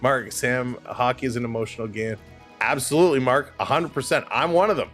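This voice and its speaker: A man's voice: medium pitch, fairly quick, a bit bright, soft background music. A man hosting a live hockey stream, talking casually and emphatically, repeating points and answering chat messages. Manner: chatty, emphatic, repeats himself. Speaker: livestream host.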